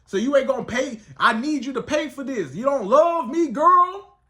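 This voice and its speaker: A demanding, sulky boyfriend pushes and pouts when told no, as a relationship coach acts him out. The voice is bright and climbs higher when he complains. He talks in a whiny, guilt-tripping way. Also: expressive, moderate pace.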